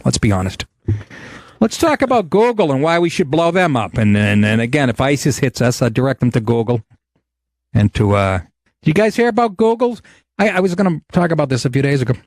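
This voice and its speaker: A man's voice: medium pitch, no echo, clean studio sound. A man hosting a call-in podcast, talking in a rambling, sarcastic way with plenty of swearing. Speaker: podcast host. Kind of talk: casual call-in talk show.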